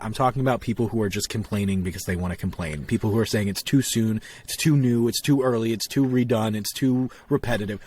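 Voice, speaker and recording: A man co-hosting a podcast in casual chat, nerdy and animated, often acting out quotes in funny voices. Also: mid-range voice. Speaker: podcast co-host.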